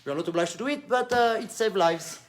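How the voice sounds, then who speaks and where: Teaching accordion live at a quick pace, this man has a French accent and a fairly high voice. He speaks animatedly and hands-on, indicating things as he plays and sprinkling French words through his English.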